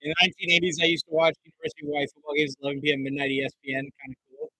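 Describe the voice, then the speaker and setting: Bright-voiced young man calling a game. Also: a little high, fairly even intonation, rapid-fire, slightly rough, no echo, low-quality recording. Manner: chatty, reads viewer comments aloud between plays. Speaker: livestream commentator. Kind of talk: live play-by-play commentary and chat reading.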